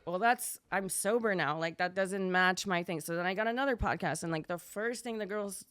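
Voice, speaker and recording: Her voice smooth and a bit bright, a young adult woman tells her story as a podcast guest in casual chat. She talks fast and freely, pitching up when she acts out what others said.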